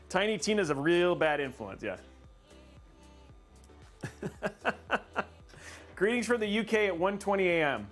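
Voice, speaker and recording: A man's voice: high voice, sing-song, slow, long pauses, faint music behind. A man hosting a casual livestream, chatting with viewers and laughing often while he builds a computer.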